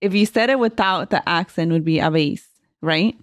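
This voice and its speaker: A woman's voice: mid-range voice, a little fast, no room sound, clean studio sound. A young woman co-hosting a podcast in casual chat, blunt and outspoken, swearing freely. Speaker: podcast co-host.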